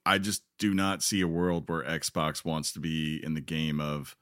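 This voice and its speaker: A man's voice: extremely low pitch, flat delivery, measured pace, fairly bright tone, no room sound, studio quality. A man co-hosting a casual gaming podcast, joking and reading news items aloud. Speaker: podcast co-host.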